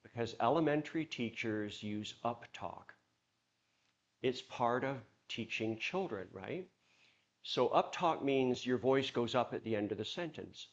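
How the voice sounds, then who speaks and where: A man leading a church workshop, talking to the audience with lively examples. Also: medium pitch, unhurried, lo-fi sound. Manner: animated, acts out examples in put-on voices. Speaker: workshop leader.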